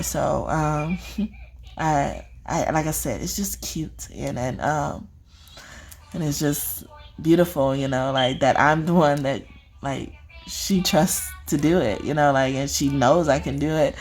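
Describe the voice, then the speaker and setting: Rambling woman with a low voice. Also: a little mellow. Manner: rambling, heavy on fillers, laughs often. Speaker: spiritual reader. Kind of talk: casual chat to viewers.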